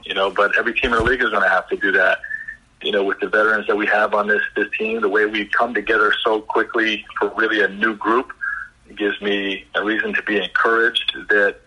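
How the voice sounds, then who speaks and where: A man answering press questions as a basketball coach, halting and measured, with lots of fillers. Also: fairly low pitch, bright, forceful tone, breathy edge, low-quality recording. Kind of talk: press conference call answers.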